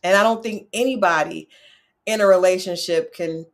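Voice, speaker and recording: A woman's voice: lowish voice, normal speed. A woman hosting a casual reality-show recap, chatty and opinionated, talking straight to her viewers. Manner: chatty, opinionated, talks to viewers, animated asides. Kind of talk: casual chat.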